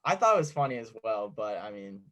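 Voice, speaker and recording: A man's voice: fairly low pitch, very animated, fairly quick, fairly bright tone. A teenage boy co-hosting a podcast, telling an anecdote in a laid-back way and acting out the quotes. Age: teens. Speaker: podcast co-host. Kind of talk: casual podcast storytelling.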